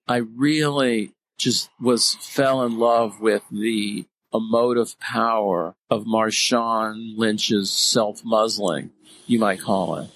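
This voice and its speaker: A man's voice: on the low side, fairly even intonation, slow pace, a bit bright, slight background noise, low-quality recording. A man being interviewed about his film, speaking with a stutter and lots of "you know" fillers. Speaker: interview guest, filmmaker and writer. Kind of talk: casual interview talk.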